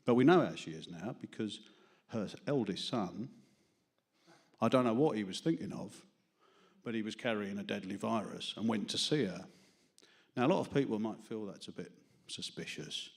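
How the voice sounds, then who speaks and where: A man's voice: on the low side, animated, normal speed, gravelly. A man with a London accent doing self-deprecating, rambling stand-up and poetry at an open mic before a small studio audience, laughing at his own jokes. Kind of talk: stand-up comedy and poetry reading.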